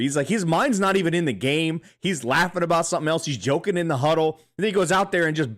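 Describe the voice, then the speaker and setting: A man co-hosting a sports podcast, talking in a casual, animated way with frequent swearing. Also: on the high side, quick pace, hardly any pauses. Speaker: podcast co-host.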